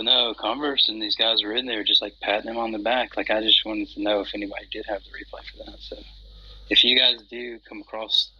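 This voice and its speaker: Over an audio chat app on his phone, a man with a lowish, slightly rough voice chats casually, rambling with lots of fillers and restarts. The app audio is dull and lo-fi.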